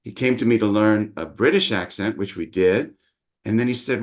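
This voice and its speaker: A man's voice: on the low side, moderate pace. A middle-aged man, a dialect coach, patiently explaining his teaching methods in an interview.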